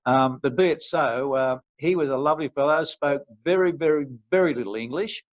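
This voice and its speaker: A man's voice: a little high, brisk, no room sound. Retired Australian referee in his later years, chatty and anecdotal, dull recording with no room sound. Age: older. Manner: rambling, chuckling, many restarts. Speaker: retired referee, interview guest. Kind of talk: relaxed storytelling in an interview.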